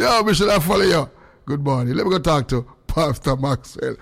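A man hosts a casual radio chat, telling animated stories in patois. His voice sits a little higher than most men's and leaps up in bursts of excitement. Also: brisk, vocal fry. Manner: animated storytelling with sudden high-pitched outbursts. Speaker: radio host.

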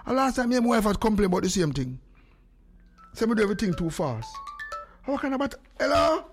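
A Jamaican man hosting a radio live stream, excitable and quick, calling hello again and again. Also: high voice, soft background music. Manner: excitable, rapid, calls hello over and over. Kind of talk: casual live-stream chat.

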